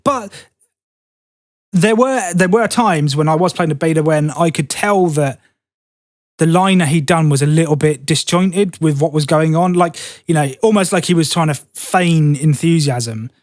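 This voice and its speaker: A man's voice: on the high side, normal speed, no echo, studio quality. A man, co-hosting a casual podcast chat, rambling and restarting mid-phrase as he tells trivia. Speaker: podcast co-host.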